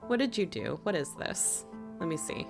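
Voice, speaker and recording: A young woman streaming casually, excitable, laughing and swearing as she chats with her viewers. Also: on the low side, moderate pace, vocal fry, soft background music. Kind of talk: casual live-stream chat.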